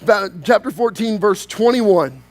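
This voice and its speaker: A man preaching a sermon as pastor, swinging from loud, animated outbursts to quiet, hushed lines. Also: high voice, unhurried, dry recording, soft background music.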